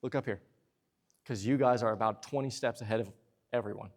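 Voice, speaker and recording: A young man preaching a sermon in a church, lively and talkative, slipping into playful asides. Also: medium pitch, a little fast. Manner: lively preaching, acts out husband and wife exchanges in asides. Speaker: pastor. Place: church sanctuary.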